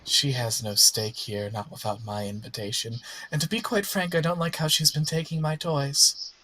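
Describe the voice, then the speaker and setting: A man voicing a sinister female spirit who tempts and taunts in a soft, coaxing voice. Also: medium pitch, steady tone, normal speed. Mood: coaxing menace.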